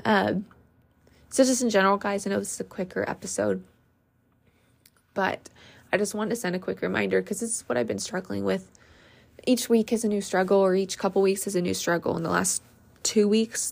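A young woman hosts a casual solo podcast, chatting earnestly about her work as an esthetician. Her voice has a gravelly, vocal-fry edge at a middle pitch. She talks in loose, heartfelt sentences full of ums and likes. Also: steady tone, a little fast.

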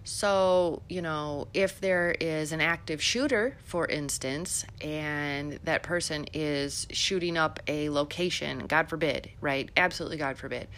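A woman's voice: deep voice, unhurried, few pauses, a bit bright, a little hiss or hum. A middle-aged woman from Illinois hosting a podcast, giving chatty, sarcastic political commentary with many fillers. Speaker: podcast host.

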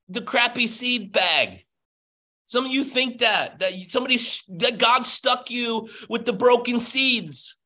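Over a video call, a business coach with a very high-pitched voice gives a passionate motivational pep talk, nearly yelling.

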